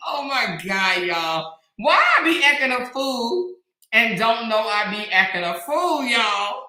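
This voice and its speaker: A woman's voice: a little high, slow pace. A woman hosting a casual livestream chat, reading viewer comments and laughing often. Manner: animated, laughs often, drawling exclamations. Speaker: talk show host. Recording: echoey room.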